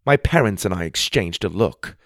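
Man, expressive storybook narrator, gravelly, dry studio sound. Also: low-pitched, normal speed, dry recording. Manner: expressive first-person storytelling. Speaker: audiobook narrator.

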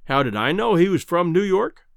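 A man's voice: sits high, very animated, moderate pace, vocal fry, dry recording, studio quality, heavily acted. A man voicing a folksy, talkative cowboy guide who speaks in drawling frontier slang. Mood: wry.

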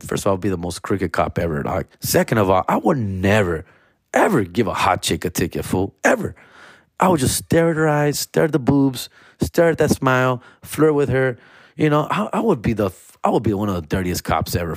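A man telling comic stories in a loose, profane, slang-filled way, slipping into animated voices. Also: mid-range voice, dry recording, clean studio sound. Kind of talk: casual comedic storytelling.

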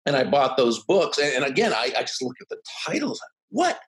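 Man in his 60s, podcast guest, expressive swinging pitch, animated storyteller. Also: brisk, rough recording. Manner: animated, does voices when quoting others. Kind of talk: conversational storytelling.

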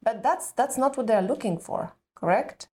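A woman's voice: fairly high pitch, lively intonation, moderate pace, a little mellow. A middle-aged woman speaking as a parenting expert guest in an earnest, conversational coaching manner, often checking in with "correct?" and "right?".

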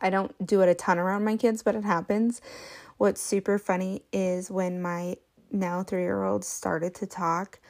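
Woman, 30s, podcast host, chatty and self-deprecating, gravelly fry on her words. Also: mid-range voice, flat delivery, measured pace, darkish tone. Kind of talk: casual storytelling podcast.

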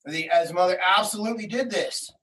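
A man's voice: sits high, a little fast, a bit bright. Heated, slangy man, off-mic. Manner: slangy, rambling, heated retelling with many quoted exchanges. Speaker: interview guest. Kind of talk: telling a personal story in casual talk. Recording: voice somewhat distant from the mic.

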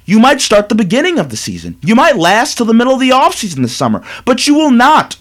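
A male sports talk host with a high voice that swings widely in pitch. He lectures emphatically, hammering his points with repetition. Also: huge pitch swings, fast talker, a bit bright. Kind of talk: animated sports commentary monologue.

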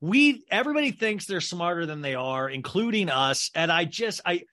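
A man co-hosting a podcast, rambling in casual chat with animated asides. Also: high-pitched, normal speed. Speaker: podcast co-host.

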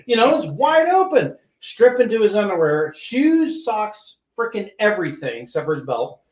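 A man co-hosting a podcast, telling a casual police story with lively voices and frequent swearing. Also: sits high, normal speed, slight background noise. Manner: animated storyteller, acts out voices, swears freely. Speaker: podcast co-host, police officer. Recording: roomy echo.

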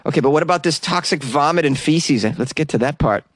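A man's voice: on the high side, a little fast, no room sound, studio quality. A man hosting a comedic news segment, reading stories and riffing sarcastically with asides.

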